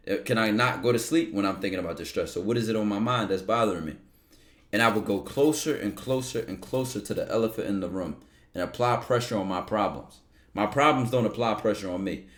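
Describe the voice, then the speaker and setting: A man hosting a call-in advice show, blunt and animated. He swears freely and presses his points hard. His voice sits a little low. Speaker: host.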